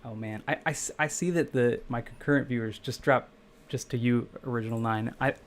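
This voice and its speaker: As he codes live for an audience, a young Midwestern US man who develops games makes casual, rambling conversation, fixing his own wording as he goes. His voice is medium in pitch and fairly quick.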